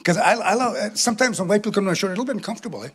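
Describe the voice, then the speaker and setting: A man doing stand-up storytelling at a live venue, animated, ending lines with a questioning "eh". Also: high-pitched, racing, slightly rough. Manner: animated, tag questions with "eh", acts out laughs. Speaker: comedian.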